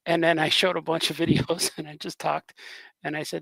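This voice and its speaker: A cartoonist co-hosting a livestream chat speaks in a slightly high, creaky voice that is pushed and bright, with little pitch movement and a fairly quick pace. He rambles in this casual chat, laughs a lot, and breaks into grunting impressions, with no echo on the audio.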